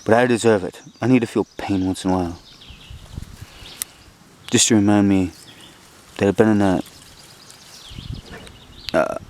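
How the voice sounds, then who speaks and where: A man's voice: lowish voice, measured pace, long pauses, a little mellow, a little hiss or hum. A man with a strained, worn-out voice chatting casually in a rambling, giggly way while coaxing his cat. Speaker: podcast host.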